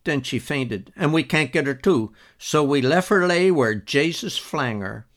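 A man's voice: on the high side, animated, unhurried, fairly bright tone, voice pushed up. A man voicing an old male storyteller with a Newfoundland accent, telling a tale in folksy dialect. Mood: excited yarn.

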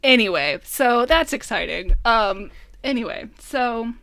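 Giggly, lively-voiced woman podcaster. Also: on the high side, a little slow, no room sound. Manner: giggly, animated, lots of fillers. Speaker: podcast co-host. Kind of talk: casual chat recapping a TV episode.

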